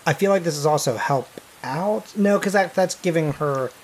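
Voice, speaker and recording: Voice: mid-range voice, normal speed, slight background noise. A game master narrating a tabletop role-playing game, chatty and laughing often, thinking aloud.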